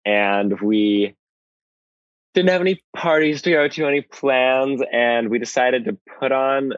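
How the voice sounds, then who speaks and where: A man's voice: mid-range voice, unhurried, no room sound, highs cut off. A man chatting as a podcast guest, playful and rambling, full of fillers and restarts. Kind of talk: casual chat.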